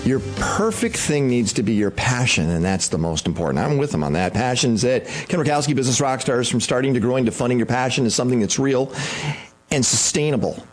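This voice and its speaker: A male talk radio host speaking in a loose, chatty way. He drifts from point to point and thinks out loud, with plenty of ums and uhs along the way. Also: medium pitch, expressive, fairly quick, soft background music. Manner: rambling, chatty, thinking aloud with fillers. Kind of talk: casual talk radio hosting.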